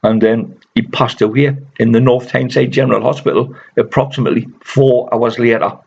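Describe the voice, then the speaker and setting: A man's voice: medium pitch, fairly even intonation, brisk, creaky, a little mellow, husky. A man, talking casually to his viewers and firmly correcting rumours, with lots of "you know". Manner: chatty, rambling, keeps saying "you know". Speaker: video channel host. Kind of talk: casual spoken commentary. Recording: dull lo-fi recording.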